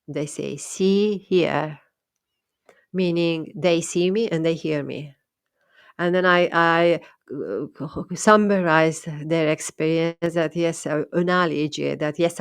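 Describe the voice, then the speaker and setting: A woman's voice: low voice, gravelly, clear, resonant tone, no room sound, clean studio sound. A woman talking thoughtfully about her experiences as a medium, often repeating and restarting words. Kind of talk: casual monologue.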